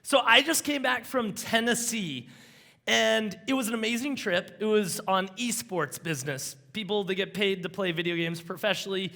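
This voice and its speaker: High bright guy on stage, excited rambling story, keeps getting sidetracked. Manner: rambling, easily sidetracked, enthusiastic. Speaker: conference speaker. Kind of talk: energetic storytelling talk on stage.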